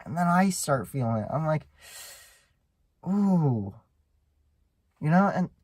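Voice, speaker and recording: A man's voice: medium pitch, a little mellow, no room sound. A man hosting a solo podcast, talking in an earnest, rambling monologue full of restarts and fillers. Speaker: podcast host.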